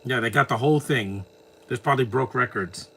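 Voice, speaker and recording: This movie watch-along commentator from New York reacts casually in real time with jokes and laughter, in a New York accent. He speaks fairly quickly in a mid-range voice that's a bit bright and slightly rough.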